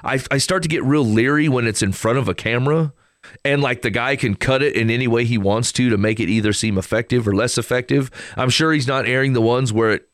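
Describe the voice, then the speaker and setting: A man co-hosting a casual faith chat, who tells stories in a rambling, animated way and keeps restarting his sentences. His voice sits at a middle pitch. The recording is dry and close. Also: brisk, dry recording. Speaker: podcast co-host.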